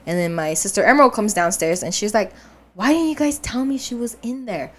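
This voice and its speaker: In a mid-range voice that runs a little fast, with a slight hiss or hum on the recording, a young woman co-host tells a dream story during a relaxed podcast chat. She laughs a lot and animatedly performs the voices of the dream's characters.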